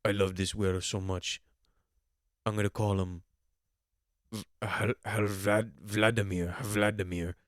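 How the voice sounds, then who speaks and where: A man voicing a young Russian politician who dotes on his pet whale, in a halting, clumsy mock Russian accent. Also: lowish voice, flat delivery, dry recording, studio quality, close to an everyday voice. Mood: doting. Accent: attempted Russian.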